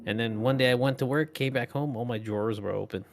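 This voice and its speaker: A man's voice: mid-range voice, fast, gravelly, a little hiss or hum. A man co-hosting a casual podcast, rambling through a ghost story with filler words and swearing. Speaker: podcast co-host. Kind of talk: casual chat, telling ghost stories.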